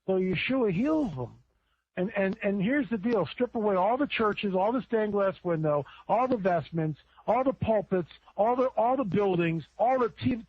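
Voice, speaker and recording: A man with a high voice preaches informally as a podcast guest, stacking repeated phrases as his emphasis climbs. The sound is dry and close. He comes through a thin, tinny phone line. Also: dry recording. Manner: repeats words, builds up with rising emphasis.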